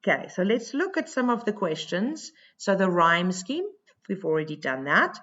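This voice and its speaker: A woman's voice: mid-range voice, sing-song, normal speed, fairly bright tone, dull audio. A South African woman teaching a poetry lesson, explaining each point step by step in a chatty, informal way.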